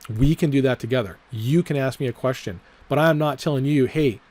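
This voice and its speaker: Man, trading vlog commentary, casual, rambling, swears a lot, lots of filler words, repetitive, middle pitch. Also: fairly quick, darkish tone, dry recording. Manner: repeats his disclaimers over and over. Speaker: trading vlogger.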